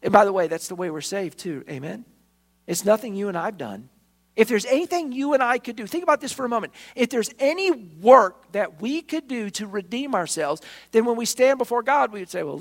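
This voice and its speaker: A man's voice: high voice, very animated, normal speed, gravelly. A man preaching a sermon as pastor, emphatic, acting out the quoted voices.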